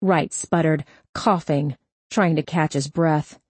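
A woman narrating a crime novel audiobook in a measured, unhurried delivery. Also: low-pitched, steady tone, a little mellow, breathy edge, no room sound.

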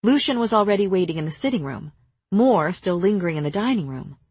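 A woman narrating a first-person novel in an unhurried, expressive storytelling manner. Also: medium pitch, husky, dry recording. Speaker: audiobook narrator.

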